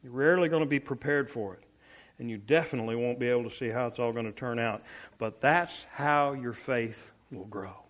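A male preacher delivering a storytelling sermon, dropping to soft, low tones for quoted words. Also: dull audio.

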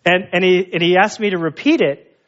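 A male pastor with a fairly high voice delivers a sermon in a loose, chatty storytelling manner. The recording sounds somewhat dull and lo-fi, with a muffled top end. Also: a little fast, a bit bright. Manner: casual storytelling, conversational with fillers.

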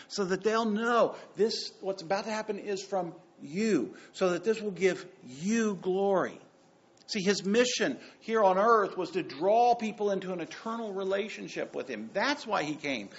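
A man preaching a sermon with a high, gravelly voice that leaps and dips in pitch. He drops to near-hushed asides, then bursts out loud as he acts out the stories. The recording sounds dull and lo-fi. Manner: animated, swings between hushed and loud, acts out quotes. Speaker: pastor.

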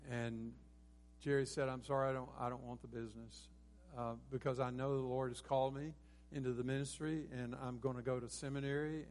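A man's voice: mid-range voice, darkish tone. A man preaching a sermon as pastor, earnest and rising to emphatic peaks, with frequent restarts. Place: church sanctuary.

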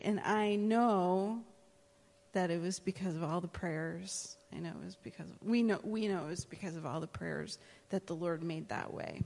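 A woman's voice: on the low side, moderate pace, vocal fry. Woman telling a church testimony, reverberant hall. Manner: lively storytelling, acts out voices. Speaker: church member sharing a testimony.

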